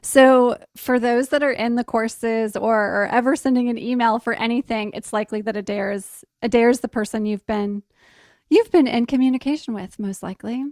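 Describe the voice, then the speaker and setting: A woman's voice: a little high, fairly even intonation, normal speed, a little mellow, no echo, studio quality. A woman hosting a podcast, guiding a casual interview and filling in context for listeners. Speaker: podcast host.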